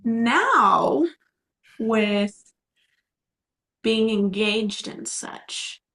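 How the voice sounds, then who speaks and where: A woman's voice: on the high side, animated, very slow, a bit bright. A young woman, co-hosting a podcast and telling a long story in a chatty way, full of fillers and laughs. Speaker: podcast co-host. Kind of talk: casual chat.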